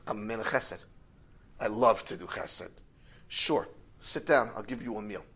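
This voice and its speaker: A man voicing a proud middle-aged hotel owner who flares into shouting. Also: fairly low pitch, measured pace, breathy edge, heavily acted. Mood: earnest. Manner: swings from calm to furious shouting.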